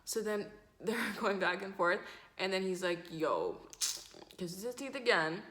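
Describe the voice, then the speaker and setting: A woman's voice: mid-range voice, moderate pace, a bit bright. A woman in her twenties telling a casual storytime, rambling and swearing with lots of "like". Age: 20s. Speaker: vlogger. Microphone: camera mic.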